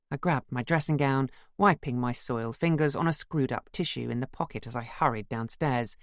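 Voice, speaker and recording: A measured narrator reading a first-person novel aloud in an audiobook, with an even, literary delivery at a middle pitch. The recording is dry and close, with no room sound. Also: male voice, no echo.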